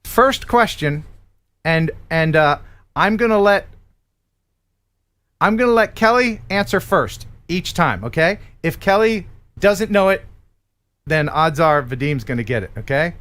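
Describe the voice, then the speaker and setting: Hôte enjoué à la voix aiguë. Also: male voice, on the high side, animated, unhurried, long pauses, a bit bright, smooth. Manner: upbeat, jokey, game-show patter. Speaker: host. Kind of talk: casual live-stream chat.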